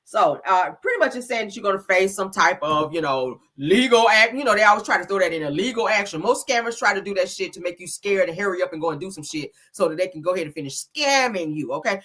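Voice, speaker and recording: Brief: bright, punchy woman host, sassy and profane, very animated pitch. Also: quick pace, husky. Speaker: commentary channel host. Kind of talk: casual gossip commentary.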